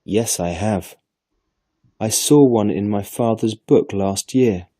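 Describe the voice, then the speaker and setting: A man's voice: lowish voice, slow pace, mellow, no room sound. A man voicing a sulky, boastful young boy who talks down to his guest in a storybook reading. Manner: dismissive, know-it-all.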